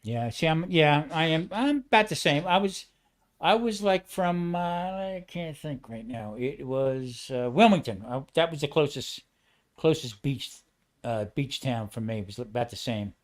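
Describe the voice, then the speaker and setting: A man rambles through stories in casual chat, jumping in excitedly and restarting his sentences. His voice sits a touch higher than most men's. He talks like a retired chef swapping tales with friends. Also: a little slow.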